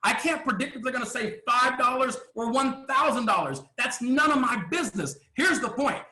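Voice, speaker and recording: A man speaking from a stage as a motivational speaker, pressing his points with rhetorical questions and pauses. His voice sits high and swings widely, and his tone is bright and forceful. The sound carries through an echoey room. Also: expressive. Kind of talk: motivational speech to a live audience.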